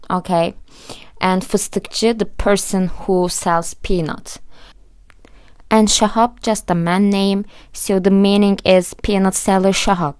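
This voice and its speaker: A woman's voice: medium pitch, a little mellow, clear, resonant tone, no echo, studio quality. A woman teaching a language lesson, patiently spelling out letters and word endings. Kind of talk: slow explanatory lesson.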